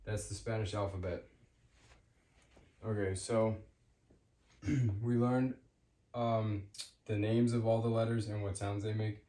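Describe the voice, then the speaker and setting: A man giving a casual spoken language lesson, hesitant with many fillers, repeating example words slowly. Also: fairly low pitch, steady tone, warm tone, roomy sound. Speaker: language teacher.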